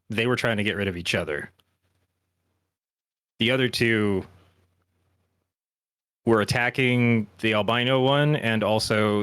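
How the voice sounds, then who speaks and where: Low guy at the game table, mutters offhand stuff, dry close sound. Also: a bit bright, no room sound. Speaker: player. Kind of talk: casual tabletop game chat.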